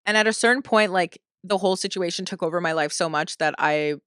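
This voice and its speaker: A woman's voice: lowish voice, fast talker, clean tone, no room sound, clean studio sound. Swearing young woman telling a story. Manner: animated, lots of "like" and swearing. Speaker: podcast host. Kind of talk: casual storytelling.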